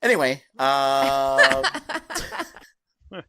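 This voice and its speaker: A man's voice: medium pitch, drawn-out words, background noise. A man co-hosting a podcast who tells a story with animation and acts out the people he quotes. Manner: laughs between phrases while telling a story. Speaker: podcast co-host.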